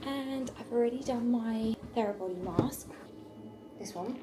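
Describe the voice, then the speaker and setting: A woman's voice: a little high, unhurried, music in the background. A woman vlogging casually at home while walking on a walking pad, chatty and rambling, on a small wireless mic. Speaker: lifestyle vlogger. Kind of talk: casual vlog chat to camera.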